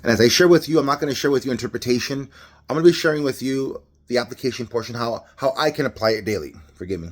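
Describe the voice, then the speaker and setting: A man from Los Angeles, with a Los Angeles accent and a fast, mid-range voice, gives an unscripted devotional talk as a lay speaker. He is casual and rambling, correcting himself, restarting often, and laughing a lot.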